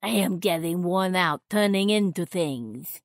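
A woman's voice: fairly low pitch, unhurried, dry recording, studio quality. A woman voicing a tired, complaining, bent-over male servant in a children's storybook reading. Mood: weary.

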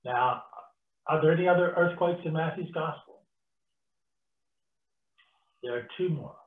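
A man teaching an online Bible study as a guest teacher, telling the story in a lively way and acting out the quotes. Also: on the high side, a little slow. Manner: animated storytelling with acted-out quotes. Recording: tinny phone-like audio in an echoey room.

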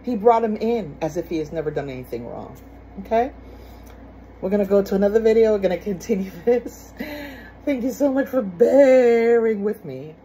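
A woman's voice: medium pitch, lively intonation, normal speed, mellow, muffled recording, slight background noise. A woman teaching in a casual spoken way, emphatic, repeating key phrases and asking the listener rhetorical questions. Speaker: speaker on forgiveness.

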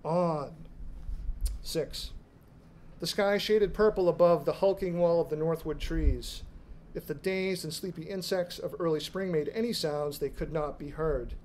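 A man, an author, reading his dark fiction aloud at a live literary event, in a measured, dramatic storytelling manner. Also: on the high side, slight background noise, poor audio. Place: bar reading room.

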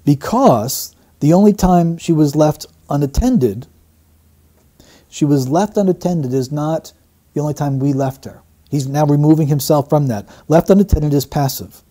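A man working as a statement analyst, giving measured, explanatory commentary and repeating key phrases as he breaks down an interview. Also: a little high, mellow.

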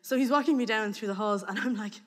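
An Irish woman telling a comic personal story to an audience, lively and acting out the voices of the people in it. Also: on the high side, fast, in a large hall. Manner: lively, acts out voices, breaks into laughter.

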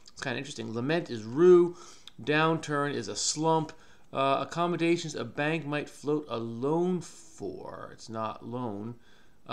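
Calm man musing over a crossword. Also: fairly high pitch, smooth. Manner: calm, musing, often trails off unsure. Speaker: crossword solver, channel host. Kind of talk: thinking aloud while solving a puzzle.

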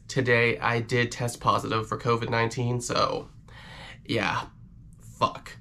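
A man from Ontario with a Canadian accent, talking casually to camera while sick, his voice deepened and rough, brash and swearing. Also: completely flat delivery, unhurried, sharp tone, a little hiss or hum. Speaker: vlogger host. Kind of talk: casual profane vlog chat.

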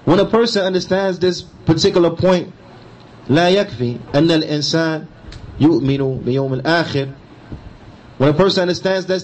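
This lecture on a hadith comes from an Islamic teacher with a rather high, husky voice, captured on poor-quality audio. He moves back and forth between Arabic recitation and forceful, repetitive explanation.

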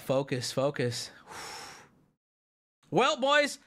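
Excitable swearing male streamer. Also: mid-range voice, moderate pace. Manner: excitable, swearing, loud outbursts. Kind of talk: live stream pack opening.

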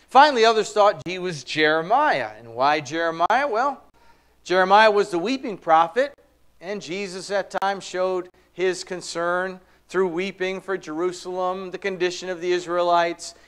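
High, smooth-voiced man preaching. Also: fairly bright tone. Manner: conversational, asks the congregation rhetorical questions; slows and drops his voice for emphasis. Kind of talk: sermon.

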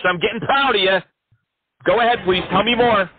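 Guy with a high voice trolling scammers on the phone, cussing, sounds like a phone line. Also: moderate pace, breathy edge, no echo. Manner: mocking, taunting, profane. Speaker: scam baiter. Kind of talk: prank phone call.

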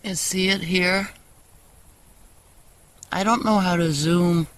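On a wooden bench in an outdoor meadow, a vlogger chats casually and at length about personal things, speaking candidly, cursing freely and laughing a lot. The voice is mid-range, slow and fairly bright with fairly even intonation, and the handheld phone recording is rough.

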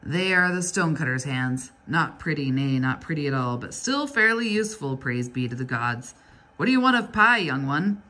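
A woman's voice: sits low, expressive, moderate pace, pushed and bright. A woman reading as a wry old stonecutter. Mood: kindly. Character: old male stonecutter, scarred hands, kindly and wry.

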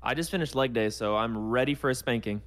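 A man's voice: medium pitch, fast talker, fairly bright tone, no room sound. A man joining a gaming session with friends, joking and laughing easily. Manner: apologetic, goofy, laughs often. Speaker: gaming guest. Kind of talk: casual gaming chat.

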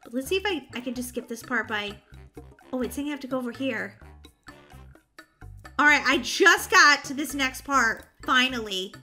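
A woman chatting casually over gameplay, bubbly, excitable and easily exasperated. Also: sits high, moderate pace, pauses often, faint music behind. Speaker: gaming channel host.

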